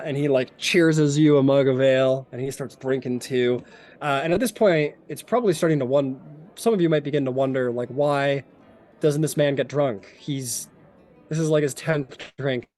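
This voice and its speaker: A man's voice: medium pitch, measured pace, darkish tone. A man narrating a tabletop game as game master, in a loose, rambling way with lots of fillers.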